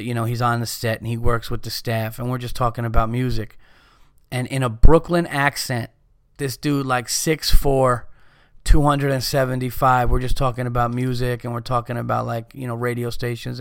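Guy rambling on his podcast, cusses a lot, clean smooth voice, dry sound. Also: medium pitch, dry recording. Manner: profane, rambling, animated storytelling. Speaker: podcast host. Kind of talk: casual podcast monologue.

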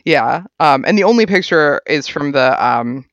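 Chatty man talking baseball, slightly high voice. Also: moderate pace, dry recording, lo-fi sound. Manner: chatty, relaxed, trailing restarts. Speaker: podcast co-host. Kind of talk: casual sports chat.

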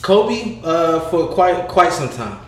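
A man talking in casual chat, loud and laughing as he teases his friend. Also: on the high side, big pitch swings, slow pace. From California. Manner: loud, laughing, mocking imitations. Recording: echoey room.

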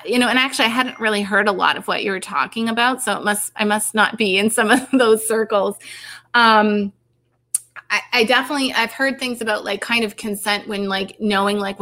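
A woman's voice: medium pitch, sharp tone. A middle-aged woman, a researcher, talking in a rambling, casual way, full of fillers and restarts. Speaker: researcher and podcast guest. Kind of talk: casual conversation.

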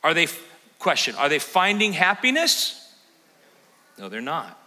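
A male pastor preaching a sermon in a church, animated and acting out the voices of scripture. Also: on the high side, unhurried, in a large hall, low-quality recording. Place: church sanctuary.

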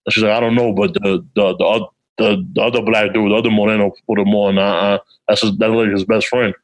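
A man's voice: brisk, low-quality recording. A man co-hosting a podcast in casual chat, using streetwise slang and acting out the people in his stories. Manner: animated, acts out quotes with big pitch jumps; streetwise slang, frequent "you know what I'm saying". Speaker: podcast co-host.

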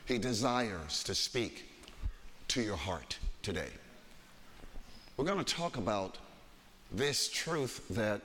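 A man's voice: fairly low pitch, lively intonation, slow, pauses often, a bit bright, a little hiss or hum. A man preaching a sermon, reading scripture aloud with dramatic emphasis in a church sanctuary. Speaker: pastor. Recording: long hall reverb.

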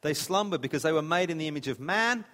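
Conversational preacher in a reverberant hall. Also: male voice, on the high side, lively intonation, quick pace, pushed and bright. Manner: conversational, plain-spoken, with restarts. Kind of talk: sermon.

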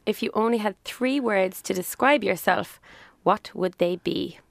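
A woman's voice: mid-range voice, a little slow, gravelly, dry recording. A woman, a business owner talking as a guest in a casual interview, chatty and laughing easily, thinking aloud with fillers.

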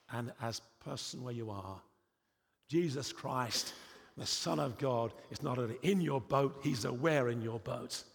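A man's voice: mid-range voice, gravelly, in a large hall. A man preaching a sermon in a church, emphatic and repetitive, with frequent rhetorical questions.

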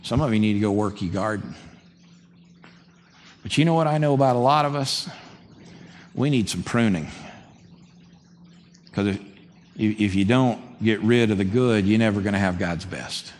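A man preaching a sermon as a pastor, conversational and animated. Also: fairly low pitch, moderate pace, pauses often. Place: church sanctuary. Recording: long hall reverb, faint background noise.

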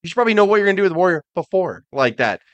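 A man's voice: high-pitched, sing-song, racing, no room sound, dull audio. A man co-hosting a wrestling podcast, ranting in casual, profane chat. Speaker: podcast co-host.

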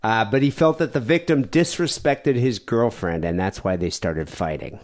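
A man's voice: fairly low pitch, normal speed. A man in his forties hosting a podcast, telling stories in casual chat and acting out the people he quotes. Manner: storytelling, acts out quoted people, laughs often. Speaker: podcast host.

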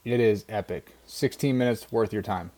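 A man co-hosting a podcast in a studio, speaking earnestly and enthusiastically in steady flowing runs. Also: fairly low pitch, normal speed. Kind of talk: motivational podcast talk. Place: small studio.

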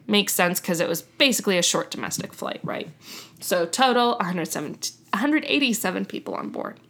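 A woman's voice: on the low side, fairly bright tone. Chatty young woman telling a story. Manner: chatty, self-correcting, laughs at own slips. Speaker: podcast host. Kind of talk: casual storytelling chat.

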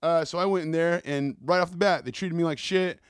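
A man's voice: on the high side, fairly even intonation, fairly quick, clear, resonant tone, dry recording. A man hosting a podcast, telling rambling stories in a casual, profane monologue into a close mic. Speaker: podcast host.

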